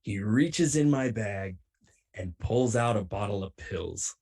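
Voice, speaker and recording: Wrestler guy telling a story, kinda husky, acts out everybody's lines. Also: lowish voice, takes it slowly. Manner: animated, acts out other people's lines. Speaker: guest, professional wrestler.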